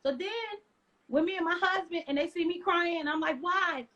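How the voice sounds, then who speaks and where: A woman from the United States, an interview guest, telling her story in an animated way and acting out what others said. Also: extremely high pitch, moderate pace, dull audio. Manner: lively retelling with acted-out quotes.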